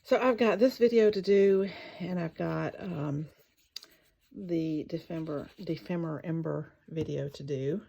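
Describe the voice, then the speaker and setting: Slow gravelly woman chatting while crafting. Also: sits low. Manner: slow, chatty, thinking aloud while working; spells words out in soft whispers as she writes. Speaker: craft channel host. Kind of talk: casual crafting vlog.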